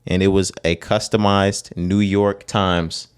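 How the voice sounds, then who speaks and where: A young man co-hosting a podcast in casual, slangy chat, laid-back and quick to laugh. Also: deep voice, flat delivery, clean tone. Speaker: podcast co-host.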